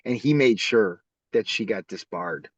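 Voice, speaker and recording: Man telling animated stories, dry dull audio. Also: on the low side, measured pace, no echo. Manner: animated storyteller who acts out the voices in his stories. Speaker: podcast guest. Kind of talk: casual storytelling interview.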